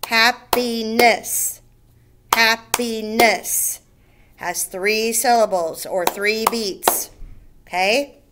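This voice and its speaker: A woman teaching first graders a recorded lesson on syllables, slow and patient, stretching out each word so the children can hear the beats. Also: mid-range voice, background noise. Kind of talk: recorded remote phonics lesson.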